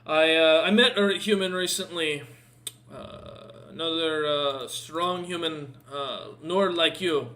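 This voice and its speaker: Man putting on a halting old orc warrior. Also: fairly high pitch, sharp tone. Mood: earnest. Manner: halting, searching for words. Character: hearty old male orc warrior, broken speech.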